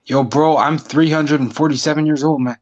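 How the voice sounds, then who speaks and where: A man in his twenties calling into a live stream, loud and swaggering, saying "bro" at every turn. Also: a little high, fairly even intonation, fairly quick. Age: 20s. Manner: slangy, says "bro" constantly, loud and swaggering. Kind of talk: casual boisterous chat. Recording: dull lo-fi call audio.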